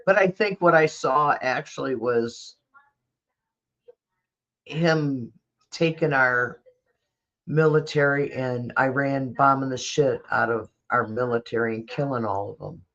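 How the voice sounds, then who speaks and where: A woman's voice: a bass voice, a little slow, a bit bright, muffled recording. A woman hosting a tarot channel, chatting casually with blunt, profane, rambling talk and coughing now and then. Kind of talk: casual livestream chat.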